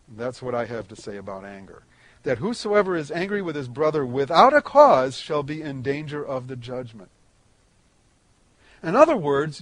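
A man preaches through a Bible passage verse by verse in a conversational style, his pitch and volume climbing on emphatic points. The recording is dry.

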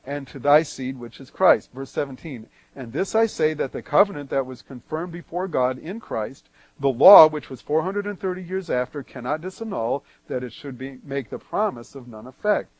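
A man preaching verse by verse, reading scripture aloud and then explaining it, with strong swings between loud and soft. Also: on the high side, lively intonation, normal speed, no room sound, low-quality recording. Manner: emphatic swings in loudness. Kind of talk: verse-by-verse Bible teaching.

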